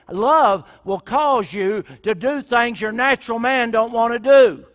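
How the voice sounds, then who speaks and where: A male pastor preaching a sermon in a church, his delivery swinging from loud cries down to near whispers. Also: high voice. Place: church sanctuary with a congregation. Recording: reverberant church hall.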